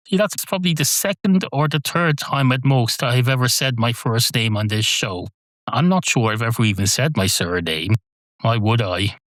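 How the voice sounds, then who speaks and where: A man's voice: medium pitch, no echo. A middle-aged Irish man hosting a solo podcast, talking in a rambling, wry, digressive way. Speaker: podcast host.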